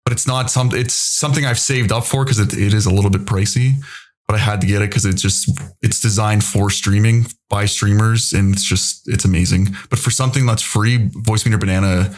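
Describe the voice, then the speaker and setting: A man hosting a casual streaming podcast, chatty and relaxed, giving friendly tech tips over his streaming mic at home. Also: lowish voice, brisk. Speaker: podcast host. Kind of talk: casual chat.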